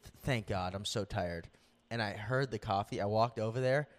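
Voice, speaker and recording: A man's voice: on the low side, normal speed. A young man co-hosting a podcast, chatting casually in a laid-back way and laughing often. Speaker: podcast co-host. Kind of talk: casual chat.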